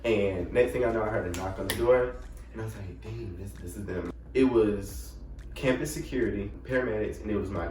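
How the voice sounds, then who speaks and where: A young man tells a story about himself in a casual vlog, his fairly low voice bouncing around a roomy space. He sits a little back from the mic, and faint music plays underneath. He jumps into animated retellings of what he said and thought. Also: fairly quick, far from the mic. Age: young adult. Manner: animated, acts out his own panicked quotes.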